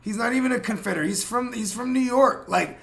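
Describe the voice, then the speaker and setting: A man's voice: very high-pitched, fast, vocal fry, fairly bright tone, a little hiss or hum. Fired-up man ranting with fillers. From San Jose, California. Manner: rambling, profane, heated, many fillers and restarts. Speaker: podcast host. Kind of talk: casual podcast chat.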